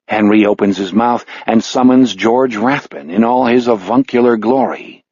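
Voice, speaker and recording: A man narrating an audiobook in an even, steady storytelling manner, with a husky voice. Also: lowish voice, moderate pace, no room sound, highs cut off. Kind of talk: scripted narration.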